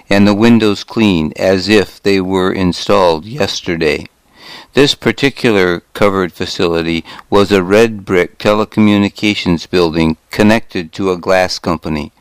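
Deep, slow, calm male reader. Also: clean tone, no room sound. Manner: calm, steady reading. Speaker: volunteer reader. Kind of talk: audiobook narration.

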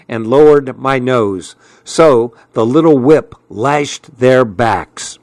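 A man hosting a program, reading a novel aloud with a measured storytelling delivery. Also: mid-range voice, darkish tone, no echo.

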